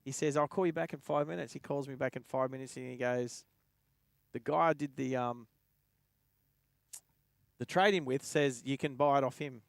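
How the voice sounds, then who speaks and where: A man's voice: medium pitch, fairly even intonation, normal speed, vocal fry, pauses often, no room sound. A young Australian man casually telling a rambling anecdote while driving, chuckling to himself as he goes. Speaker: driving livestream host. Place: inside a car.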